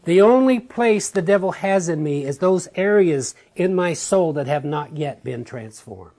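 A man's voice: sits high, darkish tone. A man preaching a sermon in an earnest, emphatic way, repeating phrases for stress.

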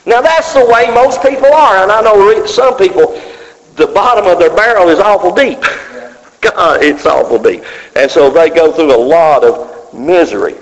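A man preaching a sermon, dropping to low murmurs and rising to shouted cries. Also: animated, moderate pace. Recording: muffled hall recording.

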